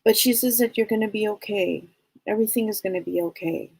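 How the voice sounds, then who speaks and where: Husky-voiced woman giving a psychic reading. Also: medium pitch, fast talker, no room sound, rough recording. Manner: gentle, searching for words, relays spirit messages. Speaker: psychic medium, co-host.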